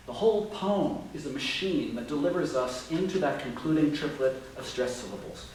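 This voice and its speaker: A man giving a measured literary lecture on poetry, tapping out stresses aloud, in a lecture room at a writing residency. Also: fairly high pitch, slight background noise. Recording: very echoey room, distant mic.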